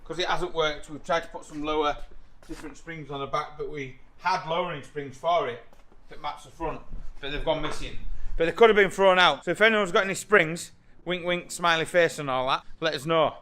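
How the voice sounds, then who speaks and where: A man talks to camera in a loose, rambling, jokey way, getting excited and hopping from thought to thought. His voice sits fairly high for a man. A faint hum of background noise runs under the talk. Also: fairly quick. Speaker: car channel host. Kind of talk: casual chat to camera.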